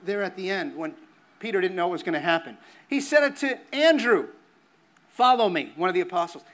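Male pastor, very high and bright-toned, earnest conversational sermon delivery with emphatic repetition. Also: lively intonation, fast talker. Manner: earnest, conversational preaching with emphatic repeated phrases.

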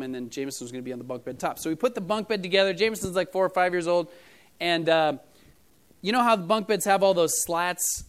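A man's voice: on the high side, a bit bright, clear, resonant tone. A middle-aged man preaching a casual sermon to his church, talking in a loose storytelling way with many fillers. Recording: church audio recording.

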